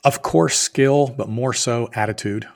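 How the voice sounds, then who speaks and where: A man's voice: mid-range voice, unhurried, gravelly. A man in his fifties, a guest on a podcast, telling a business story with lots of acted-out dialogue and plain-spoken swearing. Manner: animated storyteller who acts out both sides of quoted dialogue.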